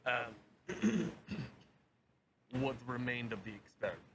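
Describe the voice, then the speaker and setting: Measured, solemn man at a game table. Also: medium pitch, expressive, gravelly, noisy background. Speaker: player.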